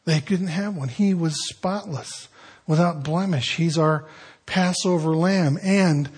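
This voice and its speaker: A man's voice: on the high side, slow pace, darkish tone, husky. A man preaching a sermon, retelling stories in a folksy, conversational way with joking asides.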